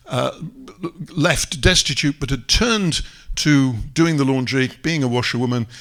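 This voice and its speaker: A man giving a wry, measured talk on stage with slides, pausing often to find his words. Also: mid-range voice, creaky, fairly bright tone. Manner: wry and measured, with frequent hesitations. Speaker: guest speaker at a public talk. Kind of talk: lecture with slides. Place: live event venue.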